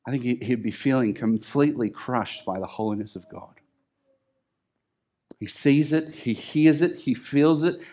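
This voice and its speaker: A man preaching a sermon, explaining scripture earnestly, building emphasis and then dropping to a soft, low voice.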